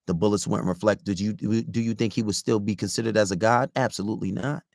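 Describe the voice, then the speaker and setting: A man with a very low, gravelly voice delivers a casual, blunt dating-advice monologue. He swears freely and keeps checking in with rhetorical questions. The sound is dry and close. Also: steady tone, quick pace, a little mellow, no room sound. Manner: blunt, profane, repetitive with rhetorical "right?". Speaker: podcast host, dating coach.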